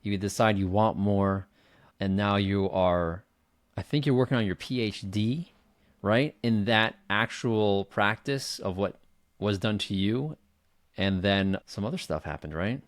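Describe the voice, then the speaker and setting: Low-voiced man hosting a podcast. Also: measured pace, dry recording, studio quality. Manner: prompting, checking in with "right?". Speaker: podcast host. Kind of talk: casual interview.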